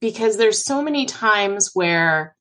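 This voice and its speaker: A woman's voice: medium pitch, lively intonation, slow, a bit bright. A woman co-hosting a podcast in casual chat, earnest and self-reflective. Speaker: podcast co-host.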